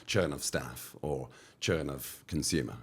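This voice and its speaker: British entrepreneur guest, very deep voice, punchy motivational delivery. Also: male voice, measured pace, husky. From United Kingdom. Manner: emphatic, motivational, repeats phrases. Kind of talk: podcast interview.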